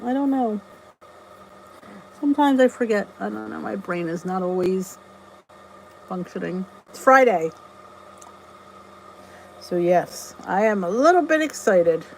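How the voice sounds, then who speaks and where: A woman's voice: medium pitch, lively intonation, moderate pace, pauses often, slight background noise, rough recording. A middle-aged woman hosting a casual live stream, chatting and greeting viewers by name, often laughing at herself. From New Jersey. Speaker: channel host.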